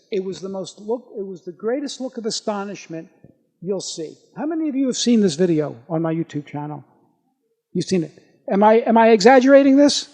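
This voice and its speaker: A man with a notably high-pitched voice, a doctor speaking live to an audience. He talks in a lively, anecdotal way, building his patient stories with energy and asking the room questions. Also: big-room sound. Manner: animated anecdotal storytelling. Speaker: doctor giving a talk.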